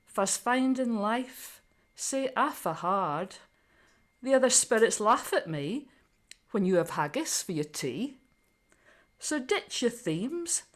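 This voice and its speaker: A woman voicing the ghost of a weary male Scottish poet in a put-on Doric Scots accent, reciting slow rhyming verse. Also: a little high, pitched above the performer's own voice.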